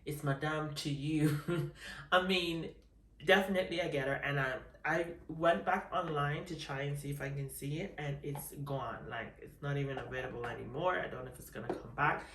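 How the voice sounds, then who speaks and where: A woman's voice: low voice, brisk, a bit bright, echoey room, recorded from a distance, slight background noise. A woman chatting casually in an unboxing vlog, sassy and flamboyant, calling her viewers honey. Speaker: vlogger.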